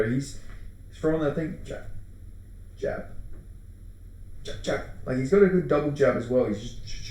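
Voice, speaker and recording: An Australian man talks through fight predictions in a loose, rambling way, circling back on his words and swearing casually. His voice sits at an ordinary middle pitch. The recording rings with heavy room echo. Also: darkish tone. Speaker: MMA fight predictions host. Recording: very echoey room.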